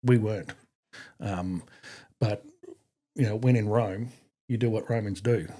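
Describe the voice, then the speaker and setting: A middle-aged Australian army veteran tells stories casually, rambling with many fillers and restarts and acting out the voices he quotes. His voice is on the low side, mellow and unhurried.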